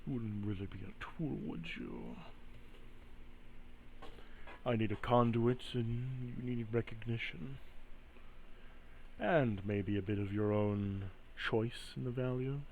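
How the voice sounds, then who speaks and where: A man voicing a scheming spirit bound to a cube that offers deals, speaking slowly and smoothly in a coaxing way. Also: mid-range voice, expressive, darkish tone, highs cut off, slight background noise. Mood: reasoning.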